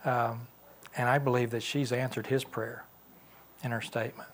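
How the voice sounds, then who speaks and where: A man's voice: mid-range voice, flat delivery, normal speed. A man teaching a Sunday school class in a church classroom, talking conversationally and asking the class questions.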